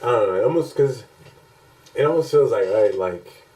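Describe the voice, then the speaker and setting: A man's voice: on the low side, animated, moderate pace, a little mellow, rough recording. A man co-hosting a podcast in casual chat, rambling and profane, often laughing as he talks. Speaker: podcast co-host.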